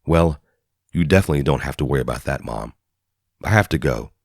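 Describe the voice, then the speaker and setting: A man's voice: very deep voice, expressive, a little fast, vocal fry, darkish tone, no echo, heavily acted. A man voicing a young woman lawyer in her twenties in an audiobook, lifting his delivery for her lines. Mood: candid. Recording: dry studio voice-over.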